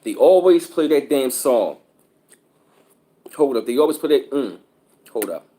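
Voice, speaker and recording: A man hosting his channel, telling stories in a profane, animated, casual rant with lots of filler. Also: medium pitch, measured pace, slight background noise. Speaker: channel host.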